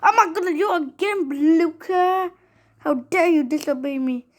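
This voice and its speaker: High-voiced playful woman gamer. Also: measured pace. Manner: playful, bossy trash talk and sung racing noises. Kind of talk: game commentary.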